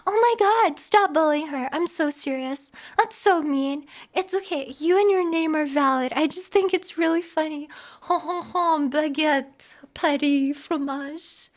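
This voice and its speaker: A young woman streamer chatting casually with her viewers, giggly and animated, with lots of quick restarts. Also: high voice. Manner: giggly, animated, talks fast with many restarts. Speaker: live streamer.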